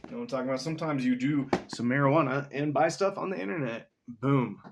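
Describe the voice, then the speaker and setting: A man's voice: medium pitch, fast, highs cut off, background noise. A man talking casually to himself in a solo vlog, rambling as he reads definitions aloud and swears now and then. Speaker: vlogger.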